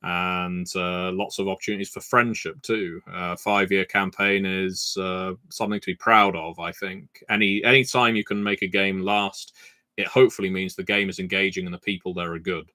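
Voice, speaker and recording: A man's voice: low voice, flat delivery, moderate pace, sharp tone, dry recording. Chatty male streamer, dry close sound. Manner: chatty, anecdotal, frequent filler "uh". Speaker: game designer hosting a livestream Q&A. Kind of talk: casual livestream chat reading viewer comments.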